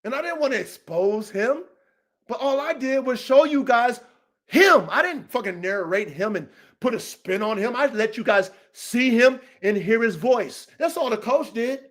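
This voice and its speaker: A man with a high voice for his sex, hosting a dog-training podcast. He rants in a heated, confrontational way, swearing freely and repeating himself for emphasis. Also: lively intonation, moderate pace, fairly bright tone. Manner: profane, repetitive, confrontational. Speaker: dog trainer and show host.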